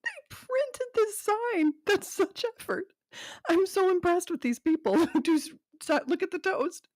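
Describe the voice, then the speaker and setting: A woman's voice: very high-pitched, expressive, measured pace, darkish tone, no echo. A woman hosting a show, reading funny notes aloud with dry, amused commentary and frequent laughter. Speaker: host.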